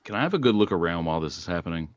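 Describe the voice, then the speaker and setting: A man's voice: deep voice, sing-song, racing, no room sound, muffled recording. A man playing a tabletop game, speaking casually and a little hesitantly, with apologies and fillers. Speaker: player.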